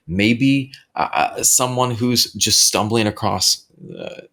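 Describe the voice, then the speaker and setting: Deep gravelly guy hosting his podcast, earnest, keeps restarting his sentences. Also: a bit bright. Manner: earnest, halting with repeated restarts. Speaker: podcast host. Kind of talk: reflective solo talk. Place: home recording setup.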